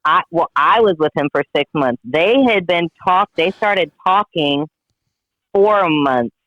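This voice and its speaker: A man telling a story in a casual chat, animated and profane, acting out what everyone said. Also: fairly high pitch, a little slow, no room sound, muffled recording. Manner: animated, profane, dramatic retelling with quoted voices. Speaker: guest friend telling a story.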